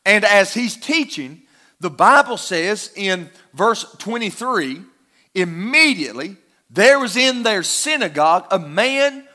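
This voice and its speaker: A man's voice: sits high, sharp tone. A man preaching a sermon, explaining a scripture passage verse by verse with emphatic rhetorical questions.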